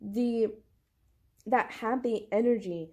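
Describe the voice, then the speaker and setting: A young woman doing a casual tarot reading to camera, excitable and gushing, with lots of "like". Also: on the high side, takes it slowly. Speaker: tarot reader.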